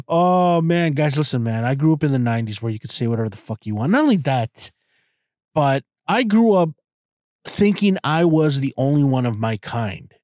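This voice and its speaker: A man in his thirties hosts a podcast with a medium-pitched, slightly mellow voice, speaking very animatedly at a moderate pace. The recording is clean studio sound with no echo. His casual monologue is crude, profane, and rambling, with many restarts.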